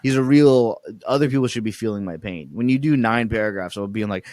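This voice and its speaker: A man co-hosting a comedy podcast, swearing and laughing as he acts out text messages with loud outbursts. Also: on the low side, a little fast, no room sound. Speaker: podcast co-host. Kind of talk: comedic casual chat, reading posts aloud.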